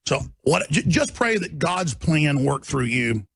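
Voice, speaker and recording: A radio talk show host, a man, delivering an impassioned on-air rant that builds into shouting. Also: on the high side, big pitch swings, unhurried, slightly rough, no echo, clean studio sound. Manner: preachy, rising to shouting.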